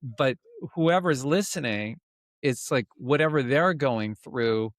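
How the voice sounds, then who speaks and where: Halting, emotional podcast host, a man. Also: mid-range voice, no room sound, clean studio sound. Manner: emotional, halting, many restarts. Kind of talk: casual interview chat.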